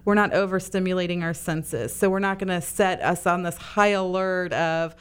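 A woman's voice: on the low side, steady tone, moderate pace, clear, resonant tone. A middle-aged woman guest on a radio talk show, explaining earnestly with lots of "you know.". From Italian-American family. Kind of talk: casual radio chat.

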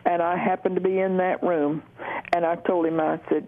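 A guest calling in to a Christian radio show, telling a personal story in a gentle, affirming way. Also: medium pitch, flat delivery, moderate pace. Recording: tinny phone line.

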